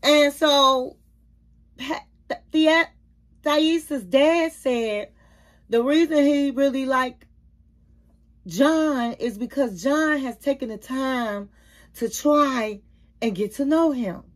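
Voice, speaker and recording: A woman's voice: high-pitched, slow, pauses often. A woman recapping a reality show for her channel's viewers in a chatty manner, calling them queens, honey and baby. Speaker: YouTube reality-TV reviewer. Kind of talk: casual recap and commentary.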